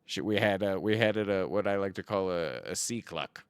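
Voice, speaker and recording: A young man commenting on his own card game match, telling deadpan, absurd tall tales between plays. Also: sits low, moderate pace, smooth, dry recording. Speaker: card game content creator. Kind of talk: joking commentary over gameplay.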